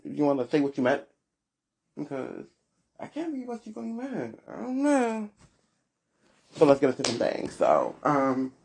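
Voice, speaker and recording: Sassy gravelly-voiced male podcast host. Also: a little mellow. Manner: sassy, blunt critique with dramatic pitch swings. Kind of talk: solo opinion podcast.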